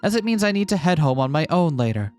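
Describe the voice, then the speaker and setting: Brief: man playing a blunt young woman, raised pitch, quiet music bed. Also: big pitch swings, fast. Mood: exasperated. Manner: lifts his voice higher and louder for her. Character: tired young woman at a nineties party, blunt and sweary. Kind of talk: reading a text game aloud.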